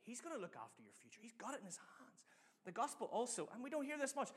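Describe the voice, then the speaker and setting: A middle-aged man preaching a sermon in a lively, chatty way, telling personal stories and leading his audience in call-and-response. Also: very high-pitched, fast, slightly rough.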